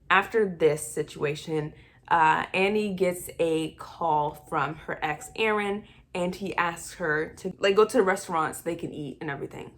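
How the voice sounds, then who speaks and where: A woman casually retelling a film plot with animated, exasperated asides. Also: on the low side. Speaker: movie recap vlogger. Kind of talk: casual movie recap.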